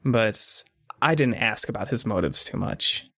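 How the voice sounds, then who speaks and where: A man's voice: on the low side, lively intonation, a little slow, bright, forceful tone, husky, dry recording, studio quality, exaggerated voice. A man voicing a teasing, streetwise teenage girl in a tabletop game, with a lazy, sly drawl. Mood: blunt. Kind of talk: tabletop actual-play character voice.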